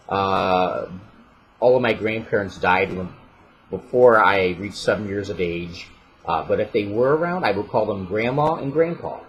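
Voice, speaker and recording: A man from the St. Louis area with a light Midwestern accent, chatting casually and reading a word list in a relaxed, self-deprecating way. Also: lowish voice, unhurried, a little hiss or hum, poor audio. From St. Louis area, Missouri. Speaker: vlogger and voiceover artist.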